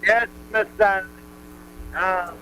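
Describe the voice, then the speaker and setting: A man on the phone line to a radio show, his voice high for a man. He talks in a hesitant, gossipy way over a faint hum. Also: steady tone, extremely slow, sharp tone. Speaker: caller.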